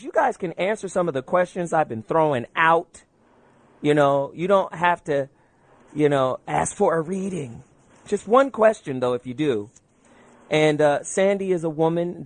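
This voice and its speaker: A man's voice: fairly high pitch, no echo. A man hosting a call-in radio talk show, casual and playful, joking with his guests and inviting callers. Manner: animated, playful, laughs often.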